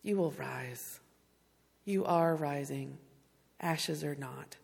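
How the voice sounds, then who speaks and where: A woman's voice: sits low, slow, gravelly, darkish tone, breathy edge, big-room sound. A woman pastor preaching a sermon, speaking tenderly and directly to her congregation.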